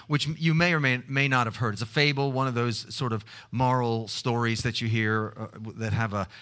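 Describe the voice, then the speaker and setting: A man preaching a sermon, halting often with fillers and restarts as he tells stories. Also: medium pitch, bright, forceful tone. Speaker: pastor. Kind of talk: sermon with prayer.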